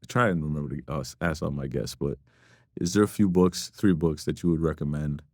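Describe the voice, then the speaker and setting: A man's voice: rumbling low, fairly quick, a little mellow, dry recording, clean studio sound. A man hosting a podcast interview, easygoing and chatty, laughing along and agreeing often. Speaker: podcast host. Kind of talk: casual interview.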